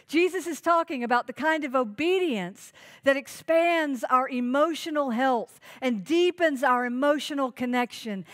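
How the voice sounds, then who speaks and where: A woman's voice: sits high, a bit bright. A woman pastor preaching a sermon in an earnest, emphatic way, asking the congregation rhetorical questions.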